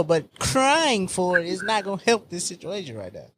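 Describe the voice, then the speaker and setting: Lively high-voiced man, laughing chatter. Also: normal speed, few pauses. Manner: animated, laughs often, swings his pitch widely. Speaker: podcast co-host. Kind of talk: casual chat.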